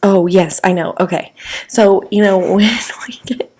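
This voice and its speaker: A woman's voice: mid-range voice, steady tone, a little slow, dark tone, slight background noise. A young woman from the Midwest co-hosting a podcast, rambling through casual chat with lots of fillers and laughter. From American Midwest. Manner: rambling, giggly storytelling with many fillers. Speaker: podcast co-host.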